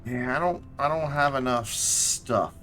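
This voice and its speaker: A man's voice: mid-range voice, unhurried, bright, forceful tone, slight background noise. A man casually commenting while he plays a game on a live stream, thinking aloud and chatting to the things on his screen. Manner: chatty, talks to himself and to objects in the game; mumbles and repeats himself while thinking aloud.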